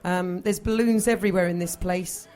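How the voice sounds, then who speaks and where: A middle-aged woman hosting a live show with a loud, bubbly, self-joking manner, speaking into a stage microphone at a live venue. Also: lowish voice, steady tone, normal speed. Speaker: radio show host.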